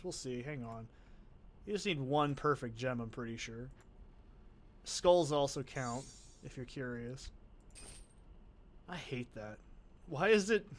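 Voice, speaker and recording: A man's voice: on the high side, a bit bright. A young man giving casual, rambling gameplay commentary, offhand and full of swearing. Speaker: let's play host.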